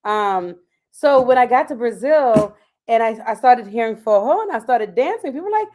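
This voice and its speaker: A middle-aged woman from Haiti chats on a live video call. Her voice sits a little high, and her talk is loose and folksy as she hosts. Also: expressive, normal speed, a little mellow. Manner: chatty, folksy, uses y'all. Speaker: retreat host. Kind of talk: casual livestream chat.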